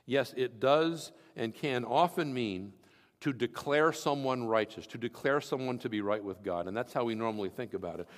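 A man's voice: medium pitch, normal speed, big-room sound. A man preaching as pastor, reading scripture and explaining it with everyday examples in an earnest teaching tone. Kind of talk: sermon.

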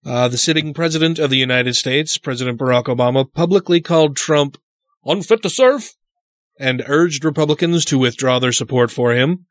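A man's voice: medium pitch, moderate pace, no room sound. A man hosting a podcast, reading news items and giving profane, indignant commentary. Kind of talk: casual chat.

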